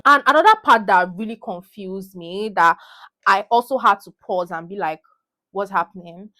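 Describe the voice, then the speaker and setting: A young Nigerian-accented woman vlogs into her phone camera, ranting heatedly about a movie and repeating lines for emphasis. Her voice is mid-range with a fairly bright tone, and the whole thing plays as an animated movie rant.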